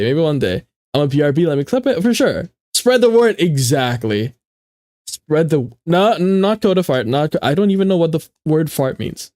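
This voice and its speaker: A man's voice: mid-range voice, darkish tone, no room sound, clean studio sound. A young man streaming casually, chatting playfully with his viewers and often repeating himself, with a stuffy nose. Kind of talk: casual livestream chat with viewers.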